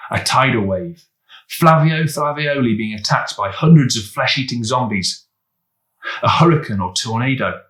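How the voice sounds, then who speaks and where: A man, a teacher, reading a children's book aloud in a lively, expressive way. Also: medium pitch, echoey room, rough recording. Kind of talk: storybook read-aloud.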